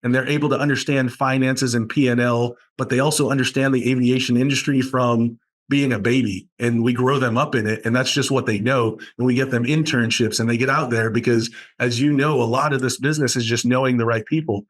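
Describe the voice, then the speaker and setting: A man from Boston, guest on a podcast interview, talking about his college aviation program with enthusiastic, animated storytelling. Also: medium pitch, a little fast, few pauses.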